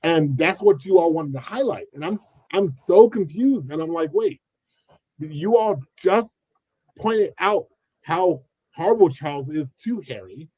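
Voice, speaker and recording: A man's voice: on the high side, expressive, moderate pace, a little mellow, slightly rough, no echo, poor audio. A man hosting a casual commentary chat, talking animatedly and acting out quoted voices with frequent restarts. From United States. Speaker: channel host.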